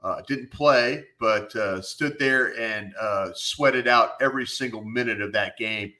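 A man's voice: on the low side, measured pace, pushed and bright. A middle-aged man, a former football scout and co-host, telling rambling anecdotes full of fillers. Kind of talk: casual storytelling.

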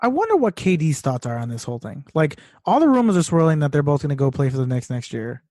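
A man's voice: fairly high pitch, sing-song, fast, warm tone, no echo, clean studio sound. A man co-hosting a sports podcast in casual chat, rambling with lots of fillers and restarts. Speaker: podcast co-host.

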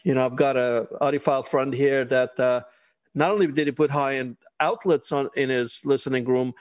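A man's voice: medium pitch, fairly even intonation, moderate pace, no echo. Man, dry close sound. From Iran. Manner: chatty, laughs often, wry asides. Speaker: guest. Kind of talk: casual interview conversation.

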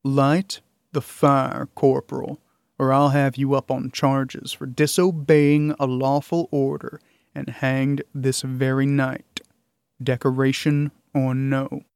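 A man reading the lines of a grizzled older army captain who speaks in an even, cold tone. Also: a little high, slow, gravelly, no room sound.

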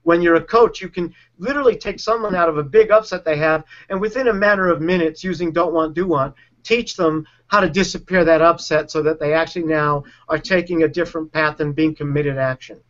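A man's voice: fairly high pitch, brisk, hardly any pauses, fairly bright tone. A man coaching, earnestly explaining a technique and acting out quoted speech in a conversation. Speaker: relationship and sales coach. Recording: dull lo-fi sound.

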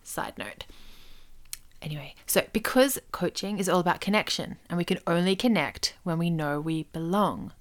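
A woman's voice: fairly low pitch, normal speed. A woman hosting her own podcast, talking casually and reflectively about belonging in business, with small asides. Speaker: podcast host. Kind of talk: casual solo podcast talk.

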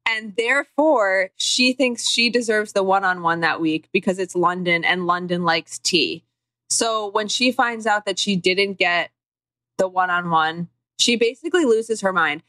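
A woman's voice: mid-range voice, measured pace, sharp tone, dry recording. A young woman co-hosting a podcast in casual chat, sarcastic and rambling, with a lot of "like". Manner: sarcastic, rambling, heavy use of "like". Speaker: podcast co-host.

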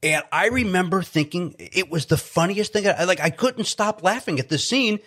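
A comedian from Chicago talks as a podcast guest, his voice sitting a bit higher than most men's. He rambles and stumbles over his starts, poking fun at himself as he tells stories. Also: lively intonation, normal speed, a bit bright. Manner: rambling, self-deprecating, repeats words when starting. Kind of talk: casual interview chat.

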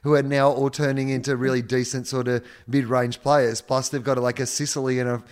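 A man co-hosting a sports podcast talks in an easygoing, meandering way. He often circles back on his words with fillers and restarts. His voice sits at a middling pitch. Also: level tone, brisk, clear, resonant tone. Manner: laid-back, rambling, frequent fillers and restarts. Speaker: podcast co-host. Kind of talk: casual sports chat.

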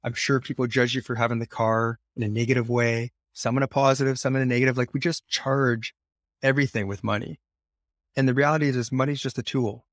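Male podcast guest, author, earnest explainer, repeats phrases, middle pitch. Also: level tone, fairly quick, no room sound, clean studio sound. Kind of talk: conversational podcast interview.

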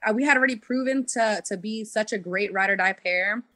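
A woman guest on an interview, telling her story in an animated way and acting out what she and others said. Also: medium pitch, fairly quick, dry recording. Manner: animated storyteller who acts out what people said. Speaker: reality show contestant guest. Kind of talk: casual interview chat.

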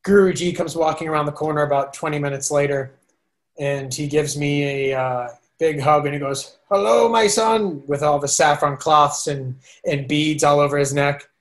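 Animated man telling his story. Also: a little high, normal speed. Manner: animated, lively retelling with many restarts. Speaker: podcast guest. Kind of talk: casual storytelling interview.

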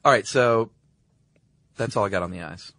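A man's voice: on the low side, normal speed, fairly bright tone, no room sound. A man co-hosting a podcast, casually explaining facts with lots of filler words and easy laughs. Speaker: podcast co-host. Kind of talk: casual chat.

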